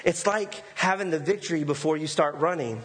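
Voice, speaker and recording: A man's voice: a little high, fairly quick, fairly bright tone. Man preaching in a reverberant hall. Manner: conversational, repeats words for emphasis. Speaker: pastor. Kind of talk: sermon.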